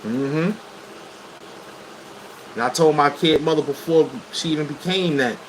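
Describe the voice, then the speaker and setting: A Brooklyn man with a New York accent hosts a livestream, telling stories casually to viewers in blunt street slang. His voice is a little high and his pace measured. The audio is poor, with air conditioner hum behind him.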